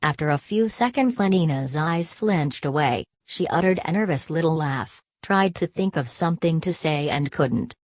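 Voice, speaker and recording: A woman narrates a novel in a low, steady voice. The recording is dry and close, with no room sound. Her reading is even and unhurried. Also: no room sound. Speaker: audiobook narrator. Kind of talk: scripted narration.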